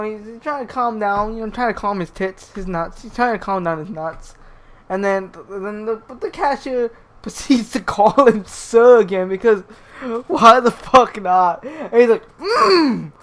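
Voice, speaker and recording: A young man commenting on clips, swearing constantly and stumbling over his words as he restarts them. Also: high-pitched. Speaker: YouTube commentator. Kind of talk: profane rant commentary.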